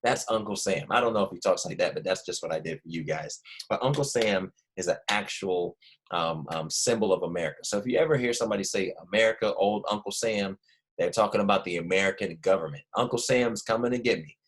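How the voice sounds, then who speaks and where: A man teaching a recorded history lesson to first graders, animated and prompting the children to repeat after him. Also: low voice, fast, low-quality recording.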